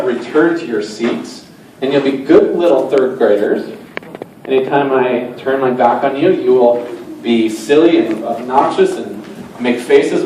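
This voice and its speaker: A man running a stage hypnosis show, coaxing volunteers to relax and giving them suggestions in front of a live audience. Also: mid-range voice. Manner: soft, coaxing induction patter that rises to loud excited suggestions. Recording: distant, echoey venue with crowd noise.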